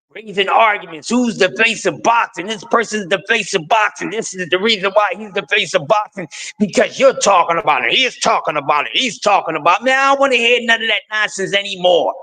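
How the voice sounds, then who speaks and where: A man hosting a morning show, teasing and ranting at boxing fans in a loud, repetitive way. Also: sits high. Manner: animated, repetitive, trash-talking. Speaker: show host. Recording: long reverb.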